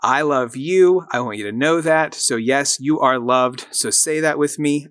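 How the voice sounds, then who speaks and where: A man's voice: medium pitch, animated, a little slow, no room sound, studio quality. Upbeat man hosting a motivational podcast. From rural farm upbringing. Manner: upbeat, encouraging, coaxing listeners to repeat affirmations. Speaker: podcast host and coach. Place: recording studio.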